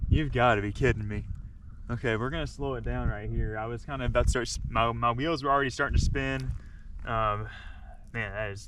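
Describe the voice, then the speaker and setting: A man on a kayak out on a lake, exclaiming excitedly in casual vlog commentary. His voice sits in an even, mid pitch and comes from a mic some way off. Clear wind and water noise fills the recording. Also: distant mic. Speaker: kayak angler and channel host.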